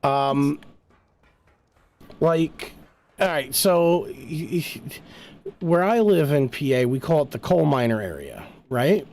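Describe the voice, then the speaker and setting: A man's voice: fairly high pitch, big pitch swings, slow pace, long pauses, a little mellow. A middle-aged man from New Jersey, rambling through a casual chat while gaming and telling stories with lots of filler words. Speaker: streamer.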